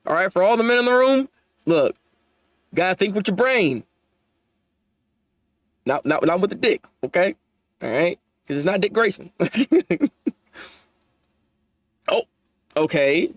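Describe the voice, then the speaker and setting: A young man hosting a live manga chapter reaction, animated and laughing often as he talks to his viewers. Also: sits high, measured pace, pauses often, no echo, clean studio sound.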